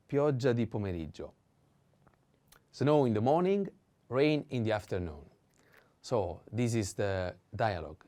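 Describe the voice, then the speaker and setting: Slow, lively Italian-accented male teacher. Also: fairly low pitch. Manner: patient, repeats words slowly with careful stress. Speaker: language teacher. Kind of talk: language lesson explanation.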